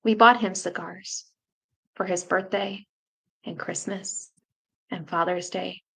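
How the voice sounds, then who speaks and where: A woman poet reading her own memoir poems aloud in a slow, measured, grave way with long pauses. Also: fairly low pitch, fairly even intonation, creaky, a bit bright, slightly rough.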